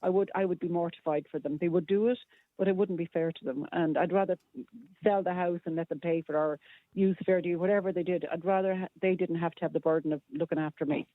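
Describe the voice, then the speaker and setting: A man's voice: high voice, fairly even intonation, fast talker, no echo. Irish man on a tinny phone line. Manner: earnest, hesitant restarts. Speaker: radio guest. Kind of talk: casual radio chat.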